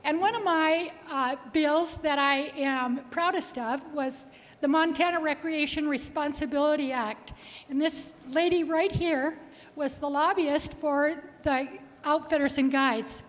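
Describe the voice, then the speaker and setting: High-pitched lady senator spinning folksy yarns at the podium, long echoey chamber reverb. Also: measured pace. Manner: folksy storytelling with chuckles. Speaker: state senator. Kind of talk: farewell speech. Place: legislative chamber.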